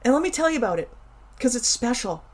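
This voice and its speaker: A woman's voice: a little high, sing-song, quick pace. A middle-aged woman from Canada, hosting a casual solo show and chatting animatedly through a personal story with playful emphasis and asides. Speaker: podcast host.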